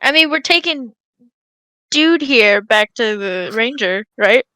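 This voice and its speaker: A woman's voice: fairly high pitch, animated, takes it slowly, sharp tone, no room sound, poor audio. A woman playing a tabletop role-playing game, hesitant and questioning. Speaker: player.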